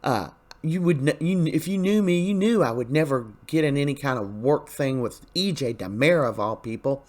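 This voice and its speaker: A man's voice: mid-range voice, lively intonation, moderate pace, darkish tone, close to an everyday voice. A man doing a hurt, reproachful husband. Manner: reproachful, insistent questioning. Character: hurt, stern man confronting his partner.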